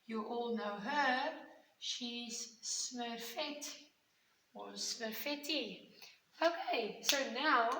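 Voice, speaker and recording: A woman's voice: fairly high pitch, a bit bright, echoey room, rough recording. A woman, a primary school teacher patiently explaining grammar to young children with repeated examples. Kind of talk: recorded grammar lesson for children.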